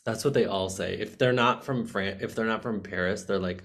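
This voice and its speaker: A man co-hosting a comedy podcast, chatting casually with crude, blunt jokes and sudden bursts of loudness. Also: on the low side. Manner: blunt, crude and jokey, with quick swings in loudness.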